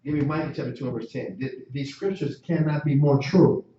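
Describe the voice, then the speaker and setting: A man's voice: mid-range voice, a little fast, warm tone, slight background noise. Man, teacher-preacher, fervent and repetitive; distant, roomy lo-fi sound. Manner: impassioned, repetitive, stammering restarts. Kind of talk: street-preaching class sermon. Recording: distant, echoey, dull lo-fi.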